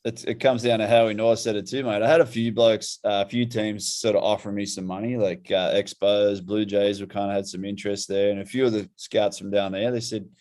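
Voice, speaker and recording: Australian man, forties, podcast co-host; low-pitched, easygoing, casual storytelling. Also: a little fast, hardly any pauses. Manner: relaxed, laid-back, says "mate" and "yeah" a lot. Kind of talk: casual chat.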